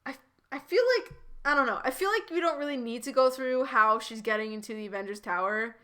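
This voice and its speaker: Bright chatty lady streaming a fanfic read, laughs a lot, trips over her words. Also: fairly high pitch, a little fast. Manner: chatty, laughing, lots of restarts. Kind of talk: live fanfiction reading with commentary.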